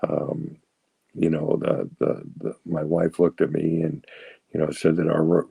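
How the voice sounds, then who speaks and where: A man in his sixties from the Boston area, telling his recovery story in a halting way, restarting and repeating words, with wry humor. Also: a bass voice, gravelly, warm tone, slightly rough, no echo, low-quality recording. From Boston area, USA. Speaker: guest sharing recovery story. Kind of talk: personal testimony.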